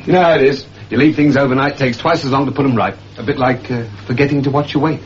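A man's voice: medium pitch, fairly even intonation, quick pace, dull audio, a little hiss or hum. A man narrating a 1970s TV advert in a friendly, chatty way.

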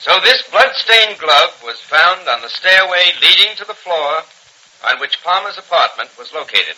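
Pushy prosecutor, higher husky voice, bright and lively. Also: male voice, normal speed, exaggerated voice, poor audio. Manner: probing, insistent questioning. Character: pressing prosecutor. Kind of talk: 1940s radio acting.

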